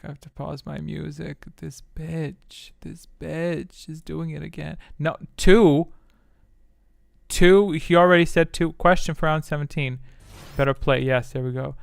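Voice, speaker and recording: Man, streamer running a quiz, gravelly voice, talks to himself, exasperated asides, faint music behind. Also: fairly high pitch, dry recording. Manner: mutters to himself, exasperated at the software. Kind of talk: casual live-stream chat.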